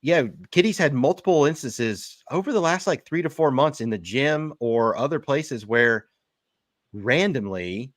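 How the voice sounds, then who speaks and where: A man's voice: mid-range voice, expressive, measured pace, dry recording, clean studio sound. A man co-hosting a podcast, talking in a casual, rambling way with some restarts. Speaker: podcast co-host. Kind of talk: podcast conversation.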